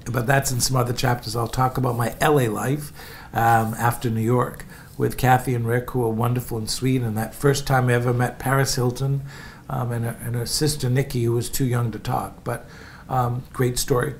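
A man's voice: mid-range voice, little pitch movement, normal speed, a little hiss or hum. A man from Indiana telling stories from his life in a rambling, chatty way and calling his listeners folks. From Indiana, USA. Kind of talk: casual memoir storytelling.

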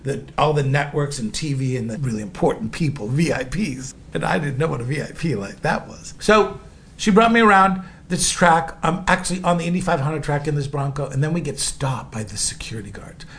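Middle-aged man, lively storyteller who acts out his characters, slightly higher voice. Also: brisk. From Cape Cod, Massachusetts. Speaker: host telling a personal story. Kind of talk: casual storytelling monologue.

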